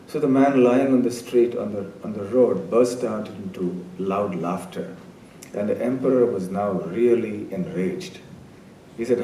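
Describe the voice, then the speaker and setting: An older man delivers a spiritual talk in a lecture hall, in an unhurried, deliberate way. His voice is mellow and a little distant from the mic. The room sounds echoey, with a faint rumble underneath. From India. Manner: measured, deliberate, clears throat often. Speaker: spiritual preacher, keynote speaker.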